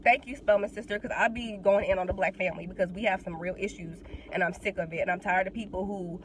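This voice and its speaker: A woman's voice: mid-range voice, steady tone, quick pace, slight background noise, rough recording. Blunt, profane young woman ranting in a car. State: getting over a cold. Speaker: vlogger. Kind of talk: casual monologue.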